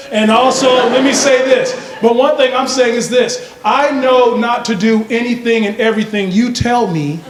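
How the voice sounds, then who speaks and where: A man giving a motivational speech to a school assembly, animated and playful, quizzing the crowd. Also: very high-pitched. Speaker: motivational youth speaker. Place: large school hall with student audience. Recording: echoey hall with background noise.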